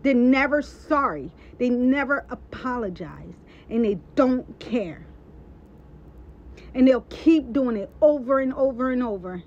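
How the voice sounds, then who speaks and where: A woman's voice: a little high, expressive, measured pace, darkish tone. A woman giving a heated, emphatic rant and repeating her points for stress. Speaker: social media personality. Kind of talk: impassioned live-stream rant. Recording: dull lo-fi sound.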